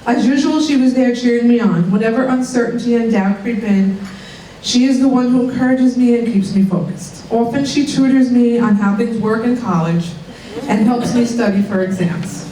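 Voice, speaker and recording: A woman's voice: a little high, moderate pace, dark tone. Heartfelt middle-aged woman with a cold. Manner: heartfelt, breaks off to laugh and recover. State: has a cold. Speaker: award recipient giving a speech. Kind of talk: emotional acceptance speech. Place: college dining room at an evening event. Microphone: podium mic from a distance. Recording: echoey room, distant mic.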